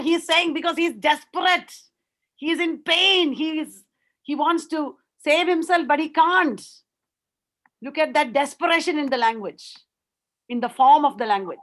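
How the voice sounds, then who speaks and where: Woman lecturer, high voice, earnest explanatory webinar delivery. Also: a bit bright. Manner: earnest, explanatory, repeats words for emphasis.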